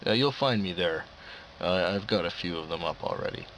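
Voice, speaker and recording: A man's voice: sits low, animated, normal speed, a bit bright, slight background noise, low-quality recording. A man who drives a taxi, telling a story in a casual vlog, rambling with lots of fillers and restarts.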